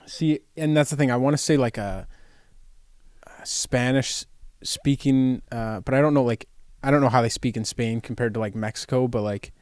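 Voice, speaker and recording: A young man co-hosting a podcast in casual chat, a bit tipsy, halting and unsure as he talks. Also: mid-range voice, a little mellow, smooth, dry recording, studio quality. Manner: hesitant, halting, many fillers. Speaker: podcast co-host.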